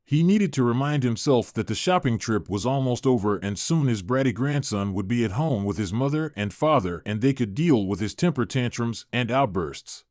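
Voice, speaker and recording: A man narrating a scripted viral story in an even, measured way. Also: mid-range voice, dry recording, studio quality.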